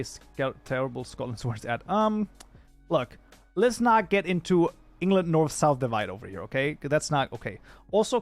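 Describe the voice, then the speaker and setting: Chatty male streamer rambling to chat. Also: medium pitch. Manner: rambling, chatty, thinks aloud with fillers and restarts. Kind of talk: casual livestream chat while modding a game.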